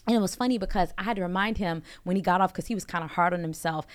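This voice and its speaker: A woman's voice: lowish voice, rapid-fire. A woman hosting a comedy podcast, telling stories in an enthusiastic, chatty way. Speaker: podcast host. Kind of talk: casual chat.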